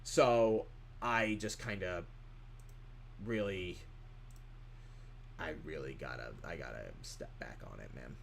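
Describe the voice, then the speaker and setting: A man's voice: sits low, slow pace, creaky, pauses often, slight background noise. A man streaming live, chatting casually in a rambling way as he reads chat questions aloud and answers them.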